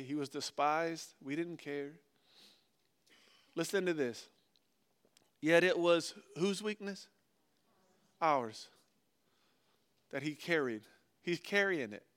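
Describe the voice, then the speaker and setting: A man preaching a sermon and reading scripture aloud, earnestly swinging between loud stresses and hushed, slowed phrases. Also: a little high, clear, resonant tone. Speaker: pastor.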